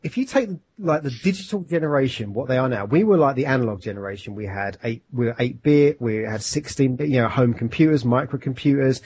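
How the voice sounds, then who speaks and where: A man's voice: mid-range voice, lively intonation, a little fast, few pauses, a little mellow, husky, highs cut off. A man, co-hosting a film podcast, talking casually and enthusiastically, with swearing and rambling asides. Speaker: podcast co-host. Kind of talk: casual chat.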